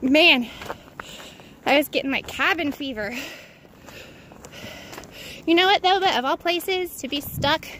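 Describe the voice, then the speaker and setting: A woman's voice: sits high, unhurried, pauses often, pushed and bright. A young woman vlogging as she hikes a snowy mountain trail, gushing and laughing as she talks to her viewers. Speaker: thru-hiker vlogger. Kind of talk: casual trail vlog. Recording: wind and outdoor noise. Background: wind noise.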